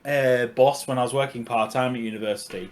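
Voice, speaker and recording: A man's voice: medium pitch, steady tone, a little hiss or hum. Laughing Cumbrian man, chatty co-host. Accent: Cumbrian English. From Cumbria, England. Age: middle-aged. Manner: chatty, laughs often, quick bursts. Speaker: podcast co-host. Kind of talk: casual chat.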